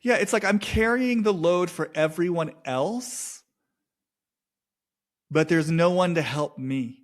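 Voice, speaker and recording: Man doing a halting, searching intuitive reading. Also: fairly high pitch. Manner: halting, searching, with repeated phrases and frequent "like". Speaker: intuitive reader. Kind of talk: reflective solo monologue, channeling a subject's feelings.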